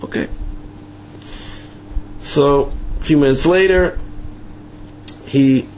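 A man telling a folk tale in a casual, halting way, often repeating words and restarting. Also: fairly high pitch, a little mellow, a little hiss or hum. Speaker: storyteller. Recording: muffled lo-fi with faint ambience.

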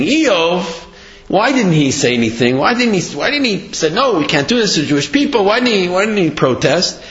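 A man's voice: fairly high pitch, a bit bright. A man with a slightly raised voice teaches a Torah lesson. He poses rhetorical questions and hesitates on fillers as he works through each example. The recording is dull and lo-fi. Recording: dull lo-fi audio.

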